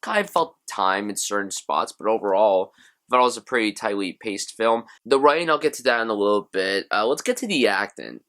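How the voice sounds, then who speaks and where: A man's voice: fairly low pitch, animated, brisk, fairly bright tone. A young man giving a casual, enthusiastic spoken film review, chatty and full of loose asides. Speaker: movie reviewer.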